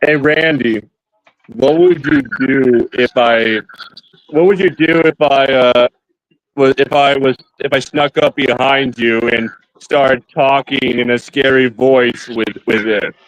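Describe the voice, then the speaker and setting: A man's voice: mid-range voice, slow, rough recording. A man co-hosting a casual stream, rambling and restarting his sentences, often turning to address the viewers. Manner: rambling, repeats and restarts phrases. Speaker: streamer co-host. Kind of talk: casual chat.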